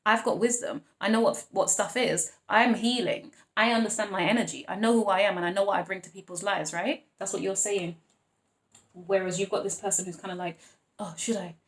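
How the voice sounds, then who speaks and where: A woman's voice: medium pitch, steady tone, fairly quick. Lady doing a chatty tarot reading, keeps laughing, does little voices for people. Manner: chatty, laughs often, acts out quoted voices. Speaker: tarot reader.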